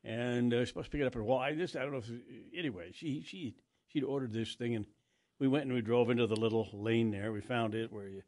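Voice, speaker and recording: A man's voice: mid-range voice, darkish tone. An older man hosting a morning radio show, telling rambling stories with frequent restarts and easy laughs. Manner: rambling, self-interrupting storyteller who laughs easily. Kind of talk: casual radio banter. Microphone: studio microphone.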